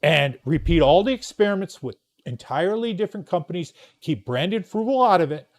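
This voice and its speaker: Animated, profane man telling a story. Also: sits high, brisk. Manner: blunt, profane, rambling storyteller. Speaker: podcast host. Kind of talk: casual storytelling monologue.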